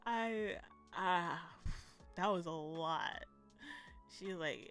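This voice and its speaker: A woman giving a blunt, animated, profane commentary in a casual vlog, laughing often. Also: on the low side, drawn-out words, faint music behind. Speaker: vlogger reviewing a documentary.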